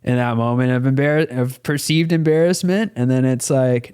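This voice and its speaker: Young dude rambling thru a story, lots of "like", kinda sweary, earnest. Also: male voice, mid-range voice, normal speed, few pauses, darkish tone, clear, resonant tone. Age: young adult. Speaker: podcast guest. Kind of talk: casual storytelling.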